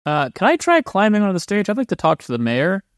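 A man's voice: high-pitched, huge pitch swings, quick pace, dry recording, clean studio sound. A man playing a tabletop game, eager and playful. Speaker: player. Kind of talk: casual tabletop play.

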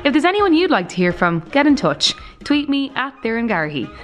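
Bright-voiced woman hosting. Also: high-pitched, big pitch swings, soft background music. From Ireland. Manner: brisk quick-fire questioning. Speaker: podcast host. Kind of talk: casual interview. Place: recording studio.

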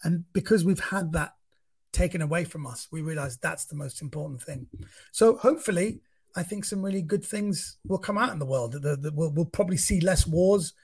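A man in his fifties with a London accent, a comedian telling stories in a lively, casual chat full of restarts. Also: sits high, normal speed, slightly rough. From central London. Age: 50s. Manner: animated storytelling with many restarts. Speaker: comedian guest.

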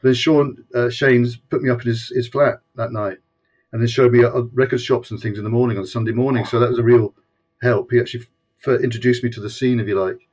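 A man's voice: medium pitch, fairly even intonation, a little fast, a little mellow. Scottish man, 60s, rambling casual guest on video call. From Scotland. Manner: rambling, with frequent restarts. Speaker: guest, former punk fanzine editor. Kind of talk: casual conversational interview.

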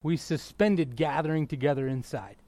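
A middle-aged male pastor preaching a sermon, excitable, bursting into yelling and then dropping back to a quiet, close tone. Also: a little high, normal speed, no room sound.

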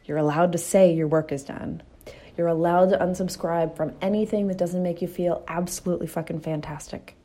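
A woman's voice: fairly low pitch, steady tone, a little fast, mellow. A woman hosting a reflective motivational talk, telling candid stories with a casual, storytelling manner and the odd swear word.

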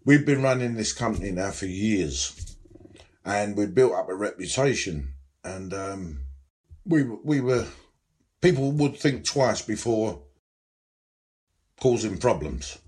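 Low-voiced man telling his story. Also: expressive, slow, pauses often, darkish tone. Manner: rambling, frank storyteller with many restarts. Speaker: former nightclub security boss. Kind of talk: storytelling interview.

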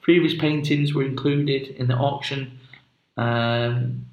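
A man chats on a podcast, rambling and jokey and stuffed with fillers. His voice sits at an ordinary middle pitch. The room around him is echoey. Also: steady tone, a little slow, a little mellow, lo-fi sound. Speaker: podcast co-host. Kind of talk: casual chat.

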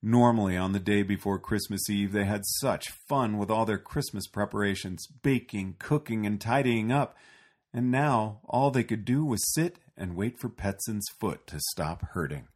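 Male storybook reader, deep, husky voice. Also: moderate pace, a little mellow. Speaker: narrator. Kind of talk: storybook reading.

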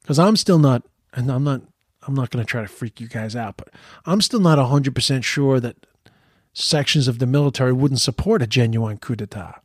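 A man's voice: medium pitch, normal speed, husky, no echo, studio quality. A man giving heated, profane political commentary in a casual rant, often stumbling and repeating words.

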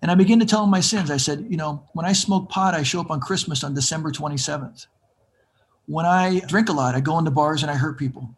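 A man's voice: fairly high pitch, fast talker, a little hiss or hum. A man in his fifties telling his recovery story as an interview guest, acting out the voices of people he quotes.

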